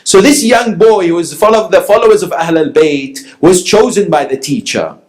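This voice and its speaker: A man from Iran delivers a sermon in a high-pitched voice. He tells a story and acts out its dialogue, building to emphatic peaks. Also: expressive, normal speed, a little mellow. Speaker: preacher.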